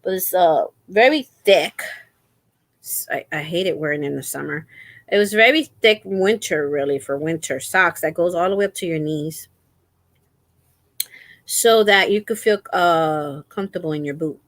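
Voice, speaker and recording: A woman's voice: lowish voice, moderate pace, no echo. A woman hosting a casual crochet livestream, chatting in a rambling, faith-filled way with her viewers while resting a sore foot.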